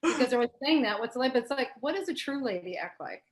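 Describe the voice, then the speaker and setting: A woman's voice: high-pitched, expressive, fast talker. A woman co-hosting a casual talk show, asking probing questions with enthusiasm. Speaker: co-host. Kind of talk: casual chat.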